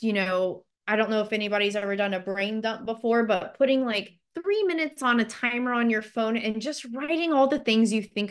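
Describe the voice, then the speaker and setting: A woman mental health counselor runs a training webinar in a loose, conversational style, peppered with "like" and "you know." Her voice is a little high.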